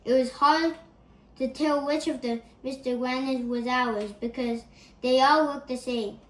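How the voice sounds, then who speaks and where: A woman reading a children's chapter book aloud in an expressive, gentle storytelling manner. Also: high-pitched, measured pace. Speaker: storybook reader. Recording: echoey room.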